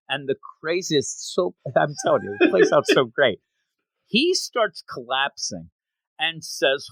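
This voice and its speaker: A man co-hosting a podcast, chatting casually and acting out quoted lines in quick voices. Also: a little high, wildly swooping pitch, pushed and bright, no room sound. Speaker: podcast co-host. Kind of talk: casual chat recapping a manga chapter.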